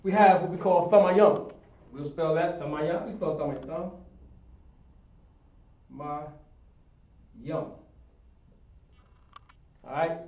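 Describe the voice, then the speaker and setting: A man's voice: a little high, moderate pace. Guy teaching at a board, keeps asking if u understand, far off mic, muffled sound. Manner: explains step by step, often asks "understand?". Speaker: teacher of a Hebrew class. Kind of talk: classroom teaching at a whiteboard. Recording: echoey room, distant dull sound.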